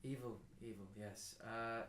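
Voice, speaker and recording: A man's voice: mid-range voice, fairly even intonation, measured pace, fairly bright tone. Hesitant man with a roomy echo. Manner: hesitant, trailing off with fillers. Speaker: tabletop game player. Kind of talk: casual role-play chat.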